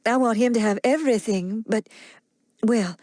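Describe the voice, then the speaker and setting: A woman voicing a gentle young wife and mother who speaks earnestly and gets flustered easily, pitched a bit above her own voice. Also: moderate pace, no room sound, clean studio sound, close to an everyday voice.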